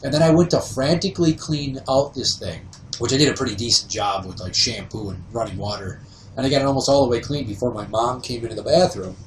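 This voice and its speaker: A man's voice: medium pitch, fast, a little hiss or hum. A man hosting a podcast, telling a comic story and acting out the people in it. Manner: animated, acts out quoted voices. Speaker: podcast host. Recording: roomy, slightly distant from mic.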